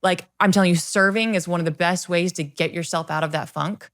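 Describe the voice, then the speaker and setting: A woman's voice: on the low side, brisk. A middle-aged woman telling personal stories with earnest energy as a coach on a podcast, acting out what people said. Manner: animated, earnest storyteller who acts out quoted voices. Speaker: guest, confidence coach. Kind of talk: podcast interview storytelling.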